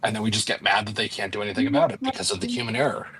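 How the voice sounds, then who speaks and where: A man's voice: fairly low pitch, huge pitch swings, very fast, vocal fry, pushed and bright, slightly rough, poor audio. A man co-hosting a casual sports podcast, arguing his point bluntly. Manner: argumentative, blunt. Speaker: podcast co-host. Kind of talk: casual chat.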